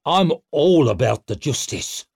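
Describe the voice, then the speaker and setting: A man's voice: medium pitch, sing-song, slow, a little mellow, breathy edge, dry recording, clean studio sound, full character voice. A man voicing a wild, menacing young barbarian king who talks in a sneering, mocking manner.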